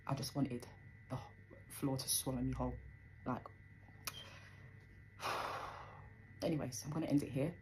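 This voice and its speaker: A woman's voice: rumbling low, a little mellow, slight background noise, low-quality recording. A young woman telling a personal story in a rambling, conversational way with plenty of fillers.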